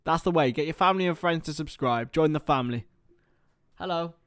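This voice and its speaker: A man doing chatty live football commentary for a watchalong stream, excitable and talking to his viewers. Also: fairly high pitch, fast talker, no room sound.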